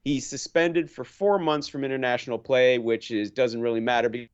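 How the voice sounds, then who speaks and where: A man with a mid-range voice co-hosts a hockey podcast, talking briskly and casually as he rambles through stories, restarting often. He sounds animated, and the tone is clean though the highs are cut off.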